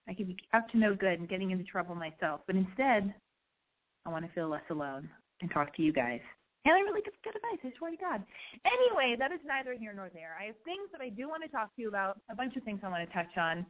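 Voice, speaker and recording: A woman's voice: mid-range voice, animated, fast talker. A woman hosting a call-in podcast, brash, chatty and profane, with a slight lisp and allergy congestion. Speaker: call-in show host. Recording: tinny phone-quality sound.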